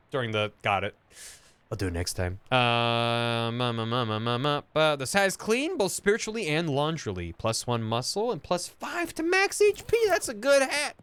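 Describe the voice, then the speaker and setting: A man's voice: medium pitch, fairly bright tone, smooth, dry recording. A man streaming a video game, reading its text aloud with casual asides. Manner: casual asides between narration.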